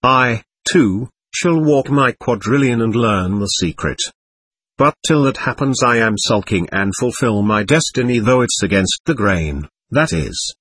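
A man's voice: mid-range voice, fairly bright tone, slightly rough, no echo, heavily acted. A man reading as a sly, mocking male devil who muses ironically and pities himself, in an audiobook of a novel. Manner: ironic, theatrical, self-pitying musing.

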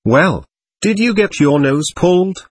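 Tormented irritable young man, scornful, husky voice, as a man reads him. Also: high-pitched, animated, measured pace, pitched above the performer's own voice, exaggerated voice. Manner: scornful, miserable.

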